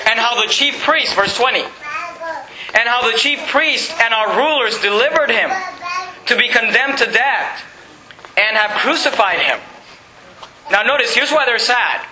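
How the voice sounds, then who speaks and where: Man, preacher, sermon, very high voice, roomy echo. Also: moderate pace, background noise. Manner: animated storytelling, acting out voices.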